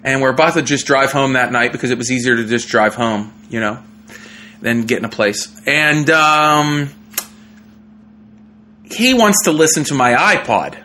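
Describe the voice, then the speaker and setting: A young man, a comedian, telling a story in a casual, animated way, with lots of fillers and laughter. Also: mid-range voice, normal speed, slight background noise. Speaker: comedian guest.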